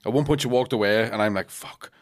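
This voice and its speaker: A Northern Irish man with a lowish voice rattles through stage stories at speed. He swears freely and tells it with animated comic timing, like a comedian chatting on a podcast. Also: fast. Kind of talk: casual podcast chat, telling stage stories.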